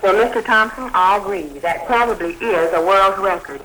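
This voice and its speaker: A woman interviewing a guest on a scripted 1940s radio broadcast, asking lively, bantering questions. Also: medium pitch, normal speed, a little hiss or hum, poor audio.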